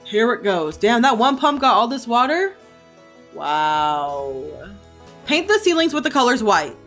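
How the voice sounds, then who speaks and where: A young woman streamer giving casual gameplay commentary, excitable, gasping and swearing freely. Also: fairly high pitch, a little slow, soft background music.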